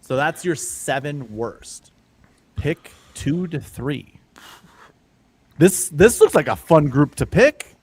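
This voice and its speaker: A man's voice: a little high, animated, slow pace, long pauses, husky, no echo. A man hosting a sports betting podcast in casual chat, rambling and joking, laughing often. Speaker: podcast host.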